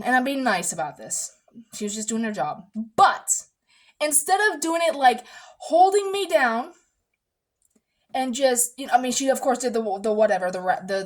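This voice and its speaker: A woman with a high, bright-sounding voice vlogs about her day in a casual, rambling way. She acts out other people's lines, jumps from mutters to loud outbursts, and swears freely as she talks into her phone camera. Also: moderate pace. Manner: animated, swearing, dramatic retelling with quoted voices. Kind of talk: casual vlog storytelling.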